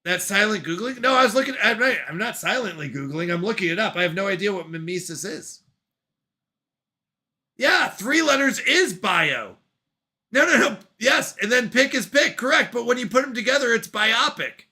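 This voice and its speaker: Male streamer host, high and piercingly bright, playful, laughing banter with chat. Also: expressive, brisk, hardly any pauses. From Canada. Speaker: livestream host reading chat. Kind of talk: casual live-stream chat. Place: at home on a couch.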